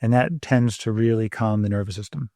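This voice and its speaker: A middle-aged man co-hosting a parenting talk show, explaining calming steps in a calm, explanatory way. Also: on the low side, brisk, dry recording, studio quality. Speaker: podcast co-host. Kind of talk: casual parenting conversation.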